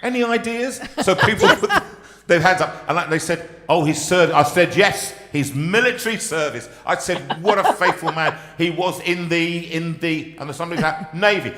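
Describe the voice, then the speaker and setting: A man's voice: a little high, a bit bright, slight background noise. Chatty man in an echoey room. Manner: chatty, self-mocking, laughs while telling stories. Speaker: host. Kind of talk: casual chat, telling funny stories. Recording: echoey room with long reverb.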